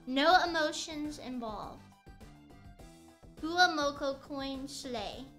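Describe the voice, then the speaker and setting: A woman's voice: sits high, extremely slow, a bit bright, soft background music. A young woman streamer chatting playfully and rambling while she crafts on stream.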